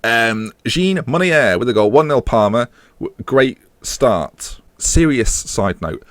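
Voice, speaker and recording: A man's voice: medium pitch, lively intonation, slow, fairly bright tone, no echo. A man commentating on his own football management game, mixing match calls with rambling jokes and asides. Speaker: gaming channel host.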